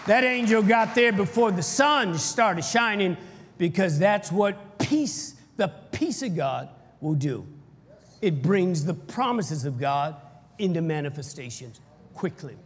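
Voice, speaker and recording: A man preaching a sermon as pastor, energetic and leading the congregation in call-and-response. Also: high-pitched, a little slow, slightly rough, some chatter behind. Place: church hall. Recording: echoey church hall.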